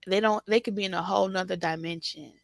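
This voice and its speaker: Teasing tarot-reading woman with gravelly voice. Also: medium pitch, fast, no room sound. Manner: animated, teasing, dramatic, laughs often. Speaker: tarot reader. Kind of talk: casual tarot reading to camera.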